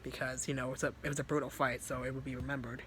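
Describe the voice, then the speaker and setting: A man's voice: medium pitch, little pitch movement, very fast, noisy background. A man telling a story in a casual, rambling way, full of fillers and swearing. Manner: rambling, filler-heavy and profane. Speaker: vlogger.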